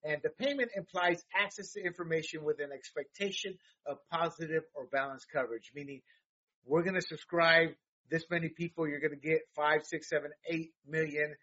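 A man with a high, husky voice talks politics in a heated, halting way, full of fillers and restarts. The recording sounds dull and lo-fi. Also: steady tone, sharp tone. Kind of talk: casual political talk.

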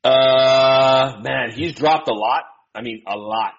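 An easygoing man with a mid-range voice chats casually about draft picks and readily agrees with his co-host. He speaks in a relaxed, conversational way. The recording has a dull, lo-fi quality. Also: medium pitch, takes it slowly. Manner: easygoing, agreeable, laughs along. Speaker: podcast co-host. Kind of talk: casual draft-pick chat. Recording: dull lo-fi sound.

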